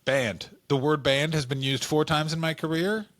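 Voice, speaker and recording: A man from Canada co-hosting a comedy podcast, telling stories in animated, quick asides. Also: fairly high pitch. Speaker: podcast co-host. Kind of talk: casual comedic chat.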